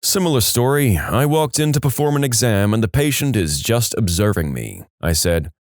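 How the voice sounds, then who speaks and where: Dry, lively storytime narrator man. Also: lowish voice, normal speed, hardly any pauses, no room sound. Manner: wry, adds joking asides between stories. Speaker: narrator of reader-submitted stories.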